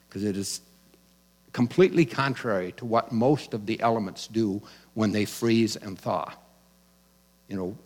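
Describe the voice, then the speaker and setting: A man pastor delivering a sermon in a conversational, teaching manner, with casual asides and restarts. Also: medium pitch.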